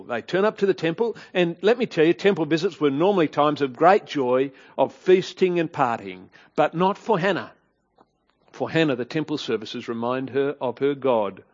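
A man preaching a sermon, walking through a Bible passage in a measured, earnest way and asking rhetorical questions. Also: fairly high pitch. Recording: dull lo-fi sound.

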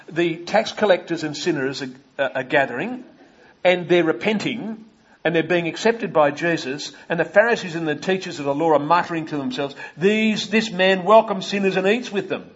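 A man with a husky voice preaches a sermon and retells old stories with lively questions to his listeners. The recording sounds dull and lo-fi. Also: on the high side. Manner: storytelling, asking the listeners questions.

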